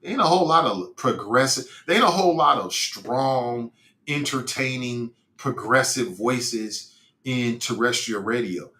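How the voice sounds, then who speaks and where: A middle-aged man hosts a casual livestream podcast, talking in a loose, rambling way full of slang and restarts. His voice sounds bright and edged, set in an echoing room. He is from Cincinnati. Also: mid-range voice, animated, unhurried. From Cincinnati, United States. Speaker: podcast host reading live chat.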